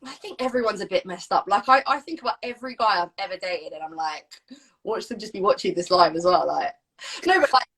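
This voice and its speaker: A woman's voice: mid-range voice, animated, a little fast, a bit bright, husky. A young woman coach chatting on a live stream, blunt and frank, swearing freely and laughing often. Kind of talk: casual chat. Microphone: phone, live stream.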